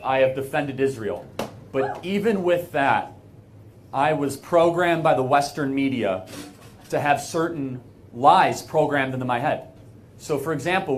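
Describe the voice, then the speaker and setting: An American man speaking as a guest speaker to a live audience, earnest and emphatic, with frequent fillers and restarts. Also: mid-range voice.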